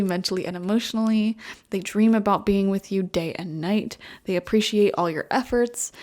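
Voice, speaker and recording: A woman's voice: medium pitch, a little mellow. Chatty young woman reading tarot. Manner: chatty, full of "like" and "you know". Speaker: tarot reader. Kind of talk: casual pick-a-card tarot reading.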